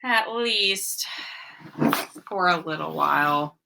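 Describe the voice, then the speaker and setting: A woman's voice: lowish voice, lively intonation, slow pace, creaky, noisy background. A woman teacher reading a picture book aloud to her class, explaining words and asking questions.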